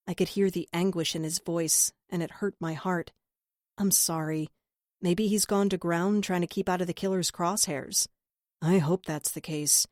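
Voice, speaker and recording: Lowish woman narrating an audiobook. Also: fairly even intonation, normal speed, darkish tone, no room sound, studio quality. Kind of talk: first-person scripted narration.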